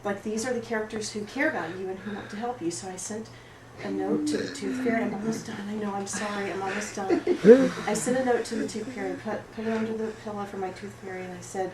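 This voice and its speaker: An actress playing an oversensitive, apologetic woman at a support group, rambling through an improvised monologue in a rough, emotionally raw way. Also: medium pitch, fairly even intonation, fast, natural voice. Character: oversensitive, apologetic woman pouring out her woes. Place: roomy studio space. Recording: echoey room, far mic, background noise.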